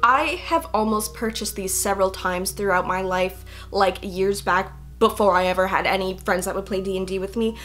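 A woman's voice: mid-range voice, moderate pace, hardly any pauses, a bit bright, a little hiss or hum. A young woman, a fashion student, chatting casually to camera in a bubbly, giggly, playfully rambling way.

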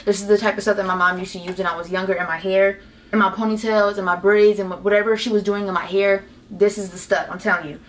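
A woman's voice: mid-range voice, steady tone, fast. A teenage girl, chatting casually and gushing over hair products in a haul vlog. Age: teens. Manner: gushing, chatty, repeats herself. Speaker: beauty vlogger.

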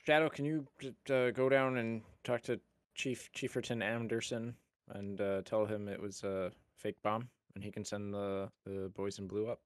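A man's voice: lowish voice, steady tone, moderate pace, clear, resonant tone, no room sound, studio quality. A man playing a tabletop game, hesitating with ums as he picks his moves and laughing along. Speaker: player. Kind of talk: tabletop role-play.

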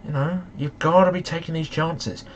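A young man commentating on a football management game, excitable and shouting at the match in frustration. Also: a little high, moderate pace, a little hiss or hum. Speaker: gaming YouTuber.

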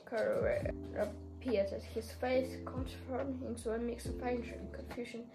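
Slow-talking young woman over loud music. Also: on the high side, creaky, rough recording. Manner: dramatic, squealing outbursts between flat reading. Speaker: vlogger. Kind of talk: reading an AI chatbot role-play aloud with reactions.

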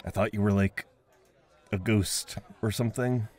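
A kind, teasing young guy at a house party, as a man acts him out in an audio role-play. His voice sits a little low and he talks in an unhurried, coaxing way, often breaking into soft chuckles. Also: fairly even intonation. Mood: gentle, teasing.

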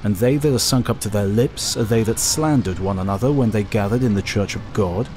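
A man reading an old scripture text aloud as scripted narration, in a solemn, measured way. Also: fairly low pitch, background noise. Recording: faint music behind.

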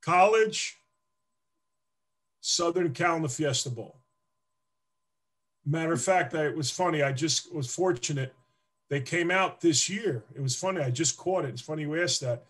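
Speaking a little high at a moderate pace and pausing often, a man who once played football tells emotional stories as a guest in a casual interview. He acts out the scenes in an animated way.

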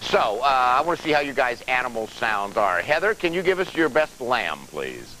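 A man's voice: medium pitch, big pitch swings, normal speed, slight background noise, rough recording. A man hosting a TV game show with upbeat quizmaster patter, recorded in a studio with an audience. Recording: loud TV studio broadcast with music and crowd. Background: music and studio crowd.

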